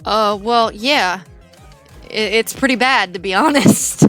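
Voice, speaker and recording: Faint music plays behind a young woman whose mid-range voice is slightly bright and slow-paced. She's streaming a game and chatting casually, rambling and giggling with lots of filler words.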